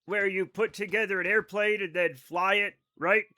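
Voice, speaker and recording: A man's voice: high voice, steady tone, moderate pace, bright, forceful tone. A man livestreaming a game, chatting casually with his viewers in a rambling, self-interrupting way, swearing now and then. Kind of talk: casual live-stream commentary to chat.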